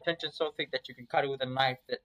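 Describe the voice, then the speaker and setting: A man reading a visual novel aloud in a casual, first-person way, swearing freely and breaking off for quick asides. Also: medium pitch, steady tone, fairly bright tone, rough recording. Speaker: story reader.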